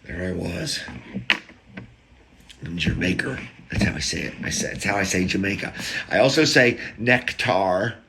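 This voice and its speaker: Low gravelly man telling a story. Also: normal speed, long pauses, very noisy. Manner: animated, acts out quoted people, jokes about word sounds. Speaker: podcast host. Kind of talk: casual comic storytelling.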